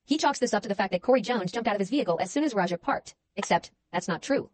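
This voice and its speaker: Brisk, sardonic woman narrator. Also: medium pitch, lively intonation, no room sound. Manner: pointed, sardonic. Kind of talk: scripted true-crime narration.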